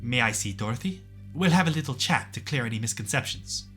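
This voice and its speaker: A calm male ward doctor speaks in a bright, even voice, as a man reads him. He sounds measured and reassuring. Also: medium pitch, faint music behind, natural voice.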